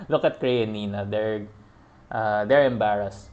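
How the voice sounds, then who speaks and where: A man giving relaxed, chatty commentary as he plays through a video game, often laughing. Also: fairly low pitch, normal speed, lo-fi sound. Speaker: gaming podcast host.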